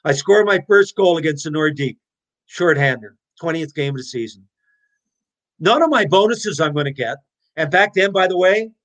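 A man in his sixties telling his stories as an interview guest, animated, blunt and profane. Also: high voice. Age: 60s. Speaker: interview guest, former hockey player. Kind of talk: casual storytelling.

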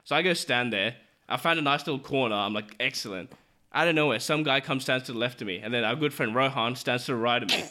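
A young man who talks fast and keeps his stories rolling, playing both sides of a conversation as he goes. His voice is bright and forward, and his style is loose, laughing chat among friends. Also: mid-range voice. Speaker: podcast co-host. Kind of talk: casual chat, storytelling.

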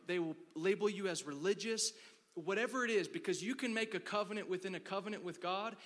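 A man's voice: sits high, fairly bright tone. A man from Dallas preaching a sermon, telling a story in a casual, chatty way with lots of "like" and acted quotes. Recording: long hall reverb.

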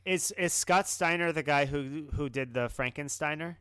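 A man's voice: fairly high pitch, moderate pace, sharp tone, clean tone, no room sound. A man co-hosting a casual podcast chat, making dry, sweary jokes. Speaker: podcast co-host. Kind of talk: casual chat recapping wrestling.

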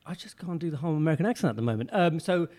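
Fast, lively man chatting. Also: a little high. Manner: quick, laughing, flustered. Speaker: podcast co-host. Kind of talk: casual chat.

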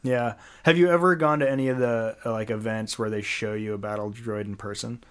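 A man's voice: on the low side, fairly even intonation, brisk, fairly bright tone, clean tone. A man co-hosting a podcast in casual chat, rambling and often searching for words. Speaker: podcast co-host.

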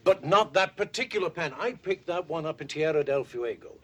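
A man's voice: fairly high pitch, expressive, fairly quick. An actor playing a fussy antiques dealer who rambles about his finds, from a TV show. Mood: musing.

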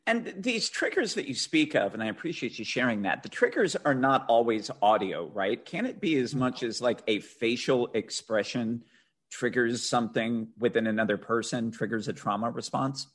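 A man hosts a podcast conversation with a husky, slightly rough voice. His questions come slowly, in measured and reflective phrasing, with room left between thoughts. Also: mid-range voice, expressive. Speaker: podcast host.

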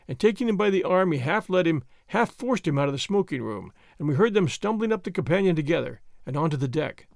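Expressive male audiobook narrator. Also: on the high side, fast, vocal fry, hardly any pauses, no echo, clean studio sound.

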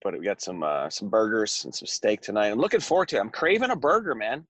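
A man's voice: on the low side, lively intonation, fast talker, a bit bright, dry recording. A man co-hosting a podcast, calling in from his parked car and chatting in an easygoing, rambling way. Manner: easygoing, laughing, rambling chat. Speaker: podcast co-host. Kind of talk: casual chat.

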